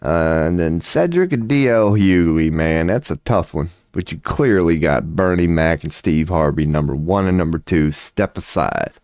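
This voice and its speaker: A man with a deep, low voice rambles through a casual livestream rant. He is profane and excitable, and his voice sounds dry and close to the mic. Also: moderate pace, few pauses, dry recording. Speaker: streamer offering tarot readings.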